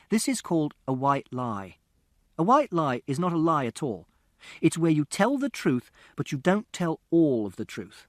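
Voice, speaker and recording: A man's voice: medium pitch, no room sound, clean studio sound. A man narrating a first-person audiobook in a literal, precise, matter-of-fact way.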